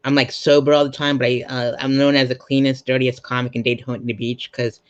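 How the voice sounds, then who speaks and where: A man hosting an interview, a comedian himself, chatting casually in a relaxed, agreeable way. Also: mid-range voice, brisk, clear, resonant tone, no echo, dull audio. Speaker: podcast host, comedian.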